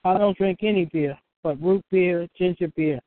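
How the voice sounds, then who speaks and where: High-voiced man on a tinny call line. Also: normal speed, dry recording. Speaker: host of a community call. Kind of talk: casual group chat.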